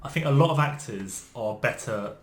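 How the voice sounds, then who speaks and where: A man co-hosting a podcast in casual chat, animated and often searching for his words. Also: medium pitch, moderate pace. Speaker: podcast co-host. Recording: echoey room.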